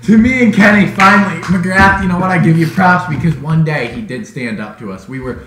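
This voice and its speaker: A young man co-hosting a podcast, chatting casually with friends and telling animated stories with some swearing. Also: fairly high pitch, fairly quick, crowd noise. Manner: animated storyteller, swears freely. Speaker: podcast co-host. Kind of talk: casual chat among friends. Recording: echoey room with background noise.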